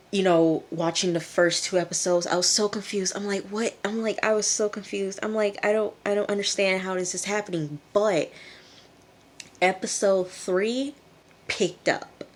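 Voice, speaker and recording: A woman reviewing a TV episode in a casual vlog, chatty and loose, acting out characters' lines in a raised voice. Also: mid-range voice.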